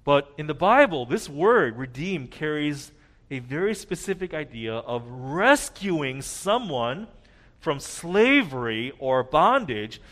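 Pastor guy preaching, kinda high voice, goes loud then real quiet, earnest. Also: sing-song, takes it slowly. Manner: earnest preaching with wide swings in loudness, dropping to a hush at key points. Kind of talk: sermon.

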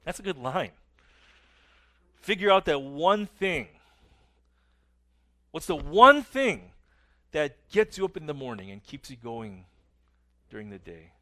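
A middle-aged man preaching a sermon earnestly, his phrases often trailing off softly at the ends. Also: fairly high pitch, big pitch swings, slow pace, pauses often. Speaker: pastor.

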